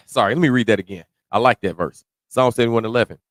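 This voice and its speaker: A man preaching verse by verse, reading scripture slowly and then explaining it in casual slang, sometimes rising to a shout. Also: lowish voice, no room sound. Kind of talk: verse-by-verse sermon.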